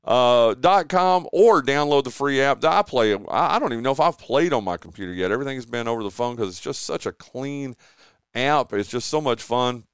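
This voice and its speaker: A man's voice: mid-range voice, animated, brisk, a bit bright, clean tone, no echo, clean studio sound. A man hosting a local sports radio show, chatting casually and rambling through sponsor reads with lots of fillers. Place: radio studio. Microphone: close studio mic.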